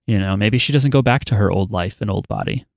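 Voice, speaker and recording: A man's voice: lowish voice, fast talker, gravelly, no room sound, studio quality. A man co-hosting a podcast, chatting in a loose, rambling way and cursing casually. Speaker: podcast co-host. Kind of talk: casual chat.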